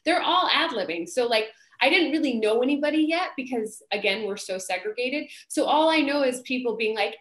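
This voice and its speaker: Chatty woman in her thirties, animated storyteller, roomy sound. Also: on the high side, fairly quick. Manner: animated, chatty, acts out quoted voices, many fillers. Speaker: Broadway actress guest. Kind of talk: casual storytelling. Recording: roomy echo.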